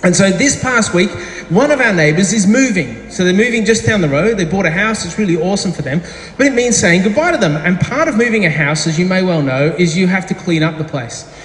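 A man's voice: sits high, expressive, fairly quick. A middle-aged man preaching a sermon as pastor, telling a story chattily with self-deprecating asides. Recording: echoey hall with faint ambience.

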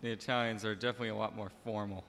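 A man's voice: lowish voice, steady tone, rapid-fire, fairly bright tone, long reverb tail, a little hiss or hum. A man co-hosting a podcast in casual chat, giving short reactions, laughing along and swearing. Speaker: podcast co-host.

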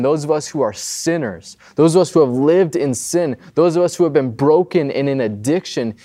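Pastor, male, young adult, higher-pitched voice, easygoing conversational sermon delivery. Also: warm tone. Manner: conversational, often adds "right?".

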